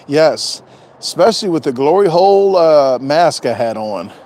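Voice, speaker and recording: Guy rambling on a live stream, fairly high voice, jokey, keeps repeating himself. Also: expressive, unhurried, a little mellow. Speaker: vlogger doing a live stream. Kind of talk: casual live stream chat.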